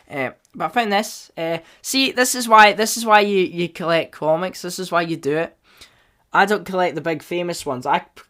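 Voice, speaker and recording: A man hosting a solo podcast, rambling casually and bursting into loud enthusiasm. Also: on the high side. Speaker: podcast host.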